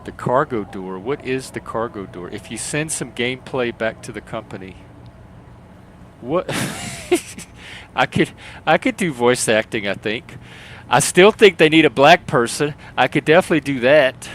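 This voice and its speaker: A man streaming a game, rambling and talking with his chat in a medium voice. His home mic carries a steady noisy hiss. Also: mid-range voice, measured pace. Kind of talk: casual gameplay commentary.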